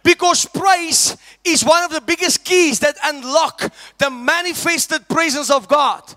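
A man preaching a sermon, shouting and calling out to the congregation. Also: very high voice, measured pace, dry recording, studio quality. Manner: shouting, call-and-response preaching.

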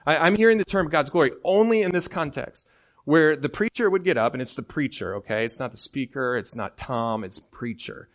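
A man with an American accent delivers a sermon, joking with the congregation and swinging from quiet asides to loud, fired-up outbursts. He grew up in Michigan and his voice sits a little high for a man. He sounds middle-aged. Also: brisk. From Michigan, United States. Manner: animated, jokey, swings from soft to loud. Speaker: guest preacher.

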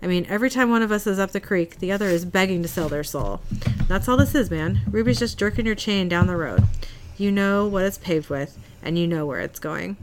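A hardened demon hunter, a grown man who talks gruff and clipped, as a woman reads him aloud. The delivery drops a little lower and quieter than a plain recap. It keeps a blunt, curt edge. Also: fairly quick, background noise, natural voice. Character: hardened brooding adult male demon hunter.

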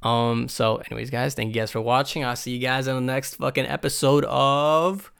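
Hoarse young guy with a raspy, gravelly voice, just rambling off the dome on his podcast, cussing a lot, tons of likes. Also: mid-range voice, level tone, moderate pace, fairly bright tone. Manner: rambling, swears a lot, many fillers. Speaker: podcast host. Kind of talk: casual unscripted podcast monologue.

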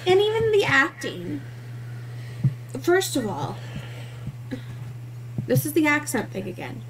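A woman co-hosting a podcast, chatting casually about a film in a blunt, animated way and swearing freely. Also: sits high, slow, slight background noise. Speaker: podcast co-host. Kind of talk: casual movie review chat.

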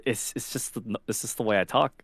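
A man from Southern California with an American accent, chatting in a relaxed, laid-back way on a podcast. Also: lowish voice, a little fast, dry recording, studio quality. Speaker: podcast co-host. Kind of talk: casual podcast chat.

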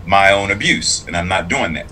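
Man, clergy and teacher, very bright forceful tone, earnest, reflective, faint noise behind. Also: low voice, expressive, normal speed, poor audio. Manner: earnest, reflective, emphatic storyteller. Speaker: clergy member and public school teacher. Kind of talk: casual conversational interview.

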